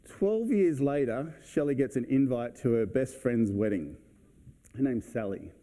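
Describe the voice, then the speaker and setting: Man, event speaker, casual anecdotes, mellow warm tone, mid pitch. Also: lively intonation, a little slow. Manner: casual, anecdotal, restarts and acts out scenes. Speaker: keynote speaker at a real estate event. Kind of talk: motivational talk with storytelling. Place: event hall on stage.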